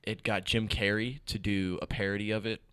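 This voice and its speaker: Man, lowish pitch, bright tone, dry close sound, heated profane rant, casual podcast chat. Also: level tone, a little fast, clear, resonant tone, dry recording. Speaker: podcast co-host.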